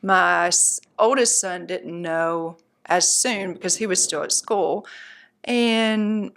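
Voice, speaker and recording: A woman's voice: on the low side, takes it slowly, gravelly, a bit bright. A middle-aged woman, a guest, recounting her family's experience in a candid interview, earnest, practical and upbeat in how she talks. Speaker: guest, mother of a patient.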